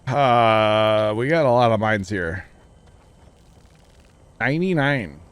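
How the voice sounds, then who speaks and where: Low-voiced man streaming a game. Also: lively intonation, slow, clean tone. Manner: rambling, jokey, thinking aloud. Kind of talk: casual gameplay livestream chat.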